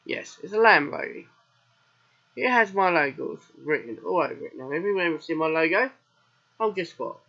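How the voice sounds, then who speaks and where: Husky British man with a sore throat. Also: on the high side, lively intonation, normal speed, sharp tone, highs cut off. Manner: chatty, rambling asides and self-answered questions. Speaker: let's play host. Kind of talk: casual game commentary.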